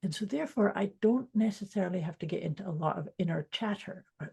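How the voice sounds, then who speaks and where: A woman hosts a podcast in casual conversation, her voice gravelly and husky. She works through her ideas reflectively and often restarts her sentences. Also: medium pitch, fast, few pauses, a little mellow. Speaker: podcast host. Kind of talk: casual chat.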